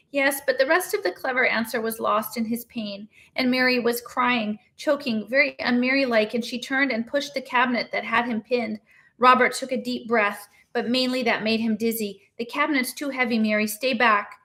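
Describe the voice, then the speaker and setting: A woman reading a novel aloud in a steady, measured narration. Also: a little high. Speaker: reader.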